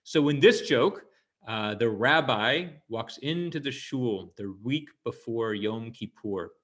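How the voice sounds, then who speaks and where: A man telling synagogue jokes in a relaxed stand-up storytelling style, stopping to explain Jewish terms and jumping higher for the characters' cries. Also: slow pace. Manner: voices characters with higher pitched wails.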